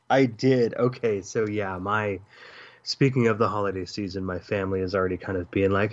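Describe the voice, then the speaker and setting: A man in his thirties with a low voice, co-hosting a casual podcast. He tells his stories in animated, stammering bursts and laughs easily. His audio sounds dull and lo-fi. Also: normal speed. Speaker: podcast co-host.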